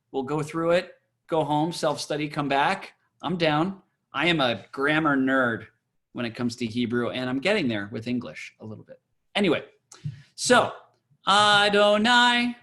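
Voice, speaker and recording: A man's voice: on the high side, fairly even intonation, normal speed, a bit bright. A man teaching a cantor's class on a video call, chatty and playful, slipping into chant.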